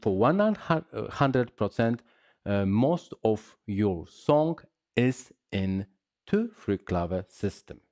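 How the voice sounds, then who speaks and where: A man teaching salsa rhythm, counting beats and scatting the patterns aloud in halting English. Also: on the low side, darkish tone, no echo, studio quality. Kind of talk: dance lesson explaining rhythm.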